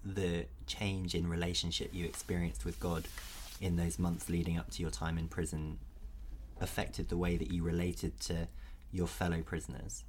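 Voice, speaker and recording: A man asking thoughtful questions in a quiet voice as interviewer. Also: low-pitched, little pitch movement, moderate pace, slight background noise.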